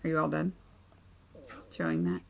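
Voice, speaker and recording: A woman in her thirties hosting a knitting podcast at home, chatting casually with lots of ums, tired and low-key. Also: big pitch swings, normal speed, vocal fry, a little hiss or hum. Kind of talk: casual chat. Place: home craft room and playroom.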